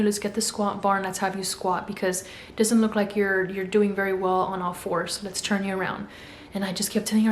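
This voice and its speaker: In an echoey room with a faint hum, a vlogger, a young adult woman, recounts a story in a relaxed way at a fairly quick pace. Her voice is medium-pitched and animated, and she performs the voices of the people she quotes.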